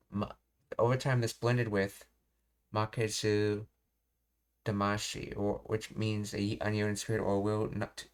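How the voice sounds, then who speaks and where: A man with a low, smooth voice teaches a live-streamed language lesson. He speaks slowly and evenly, pausing and restarting as he reads explanations aloud, with keyboard typing behind him.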